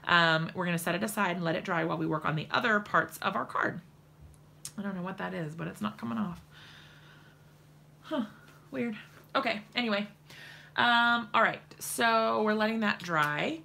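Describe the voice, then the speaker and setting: A chatty woman in her thirties hosts a crafting demo from her home desk, talking straight to her viewers. Her voice is bright and forward, with a gravelly fry at the ends of phrases, and she laughs often between steps. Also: mid-range voice, moderate pace, long pauses, slight background noise. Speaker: crafting livestream host. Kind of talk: casual crafting demo chat.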